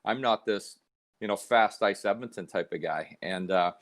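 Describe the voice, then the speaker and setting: A man's voice: on the low side, moderate pace. A middle-aged man from Canada, a hockey analyst, telling stories in a casual podcast chat and acting out the voices he quotes. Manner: animated storyteller, acts out quoted voices.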